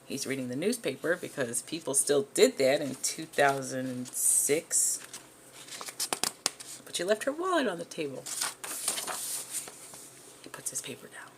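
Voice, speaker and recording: A woman with a very low, gravelly voice chats casually about her old drawings. She sounds wry and pokes fun at herself. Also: big pitch swings, a little slow, long pauses, background noise. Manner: self-mocking, wry. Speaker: vlogger and artist.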